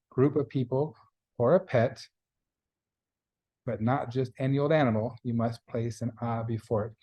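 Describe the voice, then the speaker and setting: A man's voice: medium pitch, dark tone. A man teaching a beginning Spanish class in a recorded lecture, explaining grammar patiently and repeating the key points. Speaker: Spanish instructor.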